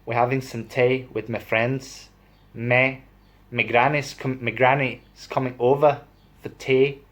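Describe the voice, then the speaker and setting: A man's voice: mid-range voice, flat delivery, a little slow, a bit bright, close to an everyday voice. A man voicing a friendly Yorkshire local in a put-on Yorkshire accent, chatting homely about having friends round.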